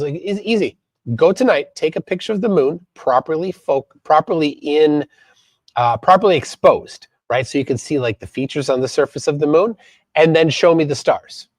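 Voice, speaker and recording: A man from Minnesota hosting a live stream, reading chat aloud and commenting in a halting way with many fillers. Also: medium pitch, lively intonation, no echo. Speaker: livestream host.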